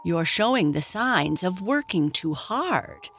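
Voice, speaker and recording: A woman's voice: on the low side, very animated, takes it slowly, fairly bright tone, faint music behind, exaggerated voice. A woman voicing a tiny, fussy, well-spoken male grub in a read-aloud storybook.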